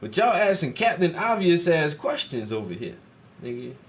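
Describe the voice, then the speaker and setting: Painting on a live stream, a man chats casually with viewers in a blunt, animated manner, swearing freely and tossing out rhetorical questions. His voice runs on the high side at a normal speed.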